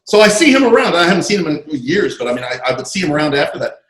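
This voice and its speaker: A man being interviewed about his screenwriting career, telling animated, digressive stories full of asides over a video call. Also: fairly high pitch, very fast, roomy sound, low-quality recording. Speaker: interview guest, screenwriter and comic artist. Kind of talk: casual anecdotal storytelling.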